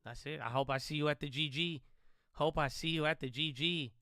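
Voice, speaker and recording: A man's voice: a little high, fairly even intonation, a little fast, no echo. A man hosting a live trading stream, giving loose, chatty market commentary and calling listeners bro. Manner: says he tends to sound loud and yelling.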